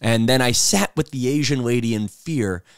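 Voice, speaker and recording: A middle-aged New man rambles through a casual podcast monologue, animated and storytelling as he goes. His voice sits at an ordinary pitch, recorded dry and close with no room sound. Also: moderate pace, clean tone, no room sound. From New York City. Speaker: podcast host.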